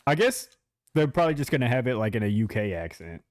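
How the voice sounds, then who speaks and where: Lively chatty male streamer. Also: medium pitch, fast talker, no room sound, studio quality. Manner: chatty, talks straight to chat, laughs easily. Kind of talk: casual live-stream chat.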